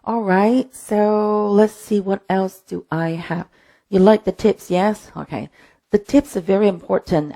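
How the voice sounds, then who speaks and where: Female dance instructor, low mellow voice with a gravelly edge, chatty, counts steps out loud. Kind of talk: live-streamed dance class. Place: home.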